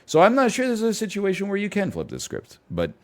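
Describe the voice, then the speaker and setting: Lively young man streaming, thinking aloud. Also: high voice, quick pace. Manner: animated, thinks aloud, argues both sides. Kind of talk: casual live-stream commentary.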